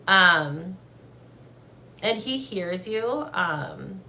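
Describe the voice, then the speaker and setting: A young adult woman giving a live-streamed psychic reading, gentle and emotional, hesitant with many fillers and restarts. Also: fairly low pitch, lively intonation, extremely slow, a little hiss or hum. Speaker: medium.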